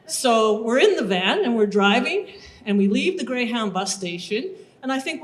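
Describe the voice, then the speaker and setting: A woman telling a humorous personal story live on a bar stage, animated and acting out her own part. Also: on the high side, measured pace.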